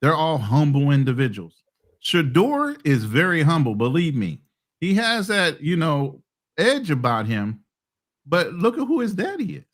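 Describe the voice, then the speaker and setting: Emphatic, lively-pitched male co-host. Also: a little slow. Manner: opinionated, emphatic. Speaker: podcast co-host. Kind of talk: casual sports talk.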